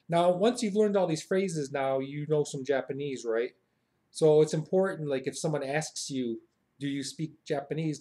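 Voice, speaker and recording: American man, slightly high voice, mock-boastful, chatty satirical lesson. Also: moderate pace, a little mellow. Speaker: satirical video host.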